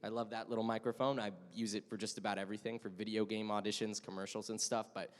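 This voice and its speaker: A man's voice: lowish voice, flat delivery, quick pace. A man speaking as a voice-acting panelist, chatty and detailed with many fillers, in casual convention talk. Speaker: panelist voice actor. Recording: echoey convention hall.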